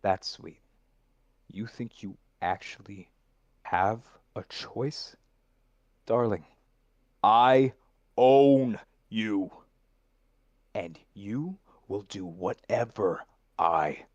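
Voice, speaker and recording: A man voicing a condescending male villain boss in a voice acting session, speaking slowly with quiet, possessive menace. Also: lowish voice, animated, no echo, muffled recording, full character voice. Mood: menacing.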